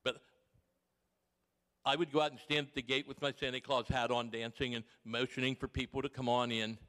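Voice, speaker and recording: A man's voice: mid-range voice, little pitch movement, a little fast. Older man testifying in a reverberant hall. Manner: homely storytelling with gentle humour. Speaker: church member giving a mission testimony. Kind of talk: folksy testimony to a congregation. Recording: long reverb of a large hall.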